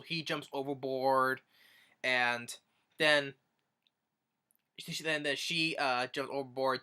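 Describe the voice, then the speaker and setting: A man's voice: fairly high pitch, pushed and bright, clear, resonant tone. A man casually retelling a movie's plot as a reviewer, rambling with many restarts. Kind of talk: casual film review recap.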